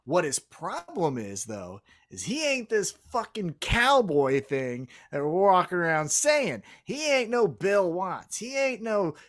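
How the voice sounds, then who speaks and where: A man co-hosting a casual wrestling podcast, talking fast and with strong opinions. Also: high voice, big pitch swings, a bit bright. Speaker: podcast co-host.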